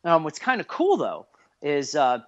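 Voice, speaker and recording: A man in his thirties, a guest on a casual podcast, telling stories in an excitable way with lots of swearing. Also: a little high, a little slow. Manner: animated, swears a lot, excitable. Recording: dull lo-fi podcast audio.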